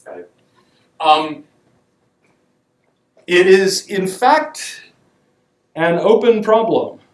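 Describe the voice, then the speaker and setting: A man gives a university classroom lecture in a casual, wry manner, peppered with ums and words he leans on. His high, expressive voice is extremely slow, heard from a distance in an echoey lecture hall.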